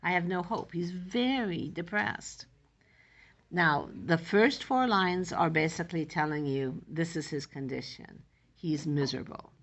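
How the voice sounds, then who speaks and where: A woman's voice: low voice, measured pace, muffled recording. A woman teacher walking a class through a poem line by line, putting each line into plain everyday words. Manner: explains line by line, paraphrasing in plain everyday speech. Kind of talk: classroom lesson explaining poetry.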